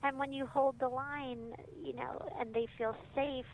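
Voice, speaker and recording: In a high, creaky, unhurried voice, a parenting author talks casually during an interview and animatedly acts out what parents and kids say. The audio comes through a phone line with faint noise.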